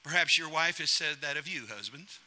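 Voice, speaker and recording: A middle-aged man preaching a sermon, humorous and animated, acting out quotes in different voices. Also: a little high, normal speed, a little hiss or hum. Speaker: pastor.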